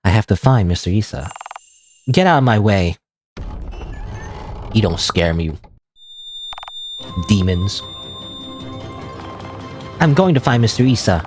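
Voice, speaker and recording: A determined young girl lost in the afterlife, vowing to press on, as a man reads her game lines in his own low voice. The reading stays plain and steady, with soft game music behind. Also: slow, pauses often.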